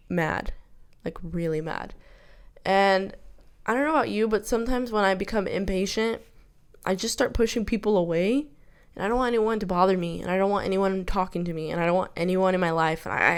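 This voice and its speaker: A woman's voice: medium pitch, clean tone. A young woman vlogger telling a personal story in a casual, rambling, self-reflective way, full of fillers and restarts.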